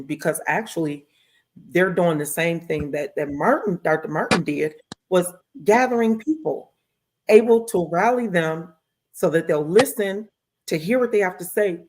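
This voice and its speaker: A woman's voice: fairly low pitch, normal speed, background noise. A woman hosting a talk show, chatting casually and reading out viewer comments. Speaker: host.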